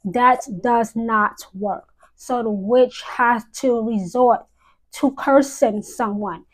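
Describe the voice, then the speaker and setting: Woman host for a live stream: slow, measured, solemn; leans on repetition. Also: a little high, rough recording. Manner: solemn, repeats key phrases for emphasis. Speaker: witch giving a live-stream talk.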